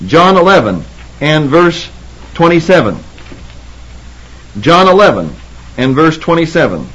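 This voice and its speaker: A man preaching an expository Bible sermon. He cites chapter and verse and reads scripture slowly, and he repeats key words for emphasis. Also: a little high, big pitch swings, fairly bright tone, husky, poor audio. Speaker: Bible teacher.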